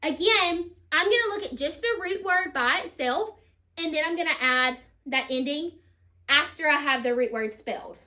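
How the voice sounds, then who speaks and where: Bright, high-voiced teacher. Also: female voice, expressive. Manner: slow, deliberate sounding-out of words. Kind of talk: spelling lesson for children.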